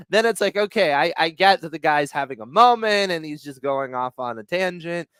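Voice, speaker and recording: A man's voice: a little high, expressive, normal speed, few pauses, a bit bright, smooth, no room sound. A man explaining dialogue writing in a loose, conversational way, with many fillers and restarts, and he chuckles often. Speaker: writing instructor. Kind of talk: casual teaching talk.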